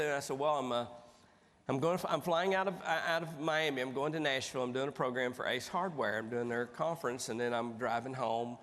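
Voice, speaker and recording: A man, telling funny stories as a keynote speaker in a folksy, animated way. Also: medium pitch, fairly quick. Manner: folksy, animated, acts out dialogue. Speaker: motivational speaker. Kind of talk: humorous keynote storytelling. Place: large conference hall with audience. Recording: reverberant hall, faint background noise.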